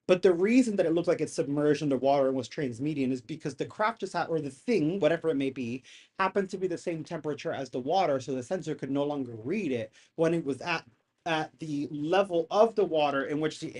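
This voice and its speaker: A live streamer in casual commentary, animated and exasperated, rambling with slang and frequent swearing. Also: mid-range voice, brisk, slightly rough. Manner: rambling, restarts sentences. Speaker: streamer reacting to a hearing.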